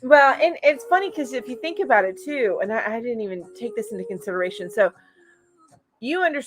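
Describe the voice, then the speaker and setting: A woman's voice: a little high, expressive, a little fast, over music. Chatty woman hosting a live chat. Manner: gushing and chatty, coos over her pet, many fillers. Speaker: host of a weekly crochet live chat. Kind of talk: casual live-stream chat reading viewer comments.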